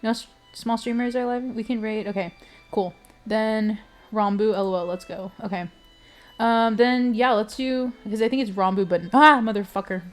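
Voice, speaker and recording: A woman's voice: a little high, moderate pace, soft background music. A young woman streamer in casual chat with her viewers, giggly and emotional, talking straight to her chat.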